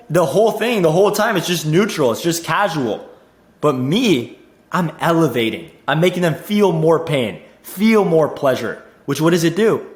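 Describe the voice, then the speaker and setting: A young man coaching on sales in a casual teaching monologue, energetic, repeating himself and saying "like" and "dude" a lot. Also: a little high, reverberant. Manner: energetic, repeats words, says "dude" and "like" often.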